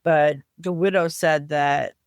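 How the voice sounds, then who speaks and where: A woman's voice: low voice, slow pace, no room sound. Earnest woman telling a family story, dry sound. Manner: earnest, animated retelling with lively voiced quotes. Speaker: podcast guest. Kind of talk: personal storytelling in a podcast interview.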